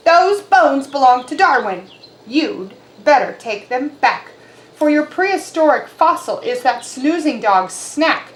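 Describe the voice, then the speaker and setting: A woman's voice: high-pitched, sing-song, unhurried, roomy sound, voice pushed up. A woman doing a hollering, bossy cat mom. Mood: scolding. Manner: scolding, hollers.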